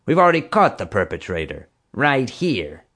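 A man's voice: mid-range voice, huge pitch swings, moderate pace, fairly bright tone, breathy edge, pitched above the performer's own voice, heavily acted. A man doing a pushy, accusing security woman. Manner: combative, whiny when thwarted. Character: pushy, accusing female park security chief.

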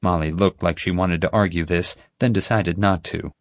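A man reading a first-person novel aloud as an audiobook narrator, in an even storytelling manner. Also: low voice, moderate pace, few pauses, dry recording, studio quality.

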